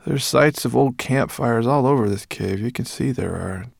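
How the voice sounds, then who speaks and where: A man voicing an earnest, apologetic young boy who speaks softly with sighs. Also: mid-range voice, moderate pace, creaky, no echo, studio quality, voice pushed up.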